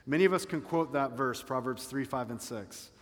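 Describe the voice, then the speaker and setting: A man's voice: mid-range voice, moderate pace, big-room sound. A male pastor preaching a sermon, telling a story dramatically and swelling and dropping his volume for emphasis.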